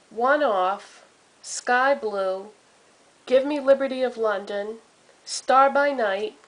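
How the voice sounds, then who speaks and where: A woman makeup vlogger speaks to her camera in a slow, unhurried way, reading out product names one after another. Her voice sits fairly high, and the tone stays relaxed and chatty throughout. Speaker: beauty vlogger. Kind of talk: casual makeup vlog. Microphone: camera mic.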